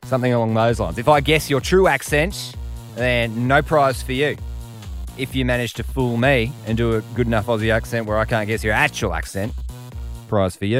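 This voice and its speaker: A man hosts a radio show and chats in a loose, jokey way. His pitch sits in an ordinary middle range. A faint bed of music plays behind him. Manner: jokey, chatty, puts on voices. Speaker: radio host. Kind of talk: casual radio talk.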